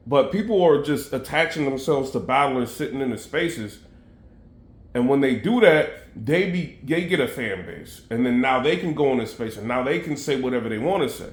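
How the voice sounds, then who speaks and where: Casual battle rap commentary comes from a man with a mid-range voice in an echoey space. He talks to his viewers directly, loading his speech with fillers, asides and "you know what I mean."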